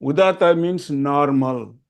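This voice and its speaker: An older man from Tamil Nadu, India, teaches a group how to chant, speaking slowly in a fairly high, clean voice. He explains the lesson and earnestly repeats his key points.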